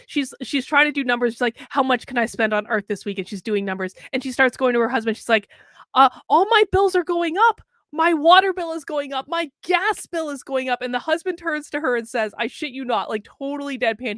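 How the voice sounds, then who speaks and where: A woman's voice: fairly high pitch, fairly bright tone, no room sound, clean studio sound. A woman hosting a news commentary show, reading an article aloud and mocking it sarcastically.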